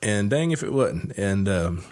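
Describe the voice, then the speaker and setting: A podcast host with a drawl and a somewhat low voice. He spins a yarn in a loose, folksy way, full of "uh" and "you know". The talk is relaxed and chatty. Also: unhurried. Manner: folksy, rambling, with many fillers and chuckles. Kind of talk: casual storytelling chat.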